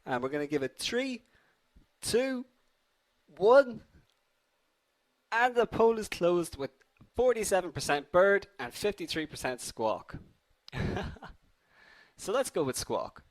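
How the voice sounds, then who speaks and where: A man's voice: a little high, sing-song, measured pace, long pauses. A young man hosting a live online coding tutorial, upbeat and chatty, addressing viewers as guys while a slight cold affects his voice.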